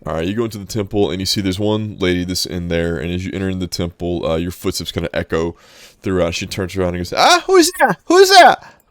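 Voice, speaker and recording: A man's voice: sits low, level tone, fast talker, few pauses, dry recording, studio quality. A man narrating a tabletop game as game master, loose and full of fillers.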